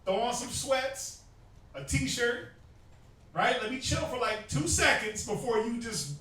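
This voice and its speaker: A young man street teaching to a group, animated and joking, often mimicking people. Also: very high voice, unhurried. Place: outdoors in a city. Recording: very echoey, distant from mic.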